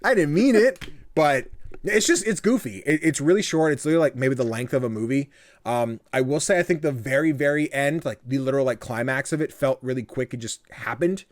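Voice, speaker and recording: Animated podcast host man, dry sound. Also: medium pitch, a little fast, no room sound. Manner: animated, laughing, acts out voices while retelling. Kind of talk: casual podcast chat.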